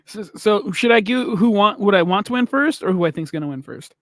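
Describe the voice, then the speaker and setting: Co-host, male, high voice with very lively pitch, teasing, laughs a lot; dry close sound. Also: brisk, no echo. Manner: laughs often, teasing, joking. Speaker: podcast co-host. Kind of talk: casual chat.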